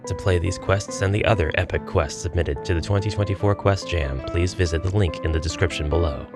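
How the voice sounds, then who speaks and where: A man's voice: deep voice, fairly quick, over loud music. A middle-aged man chatting casually through a board game quest, joking with dad jokes as he goes. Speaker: board game channel host.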